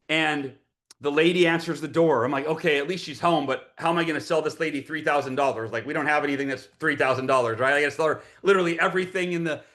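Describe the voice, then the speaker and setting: Energetic male motivational speaker, forties, mid-high voice, storytelling to a live audience. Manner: energetic, repeats words when excited.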